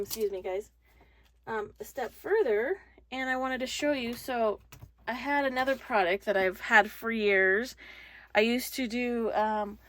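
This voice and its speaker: A woman's voice: fairly high pitch, fairly bright tone, a little hiss or hum. Chatty woman rambling through a craft tutorial. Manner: chatty, rambling, lots of fillers and restarts. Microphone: phone.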